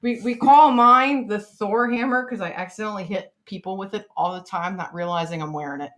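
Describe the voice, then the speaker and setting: A woman co-hosting a casual interview show, chatty and joking with quick asides. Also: mid-range voice, fairly bright tone. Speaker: podcast co-host.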